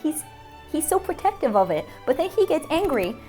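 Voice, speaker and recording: A young woman, a voice actor, chatting casually in an interview, gushing and excitable, her voice leaping high when she gets worked up. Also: a little fast. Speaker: voice actor guest. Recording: faint music underneath.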